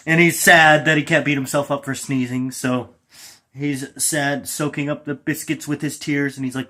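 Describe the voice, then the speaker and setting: A man improvising a comic story in a playful way, laughing and switching quickly between character voices. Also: mid-range voice, bright, forceful tone.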